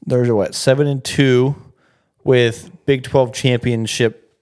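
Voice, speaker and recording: A man's voice: mid-range voice, steady tone, slow pace, darkish tone, clean tone. A man co-hosting a casual sports podcast, easygoing and profane as he leads the game previews. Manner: laid-back, swearing, runs the topics. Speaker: podcast co-host.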